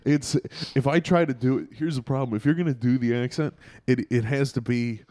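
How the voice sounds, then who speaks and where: Man, podcast host, plain generic voice, casual comic chat, mid pitch. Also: brisk, mellow. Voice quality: plain, standard-sounding voice. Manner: rambling, restarts, frequent laughter.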